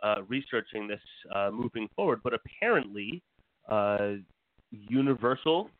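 A man's voice: fairly low pitch, lively intonation, a little slow, no room sound. A man co-hosting a podcast, speaking cautiously and hesitantly, with many fillers. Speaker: podcast co-host. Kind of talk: casual podcast chat. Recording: tinny dry phone-like line.

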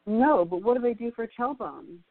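A woman's voice: a little high, sing-song, no room sound. A woman calling in for a reading, talking hesitantly in casual chat with many fillers. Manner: hesitant, halting, lots of fillers. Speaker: caller getting a reading. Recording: tinny phone line.

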